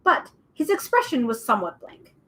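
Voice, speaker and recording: A woman's voice: a little high, wildly swooping pitch, moderate pace, fairly bright tone, rough recording. A woman reading a children's book aloud at home, with chatty, bubbly asides. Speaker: storyteller.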